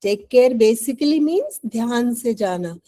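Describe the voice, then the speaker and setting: A woman's voice: fairly high pitch, animated, fast talker, warm tone, a little hiss or hum, low-quality recording. A woman teacher with an Indian English accent giving an online English lesson. She is patient and coaxing, and she often checks in with "right?".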